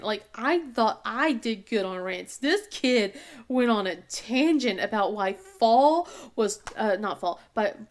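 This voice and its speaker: Chatty Southern woman with a twang, higher voice. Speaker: crafting vlogger. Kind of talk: casual chat while diamond painting.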